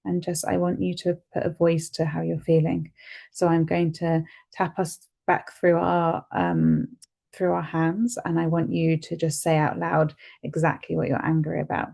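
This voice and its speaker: A woman guiding a tapping session, speaking calmly and gently and repeating phrases for the listener to say back. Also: deep voice, moderate pace, creaky. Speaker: EFT tapping guide.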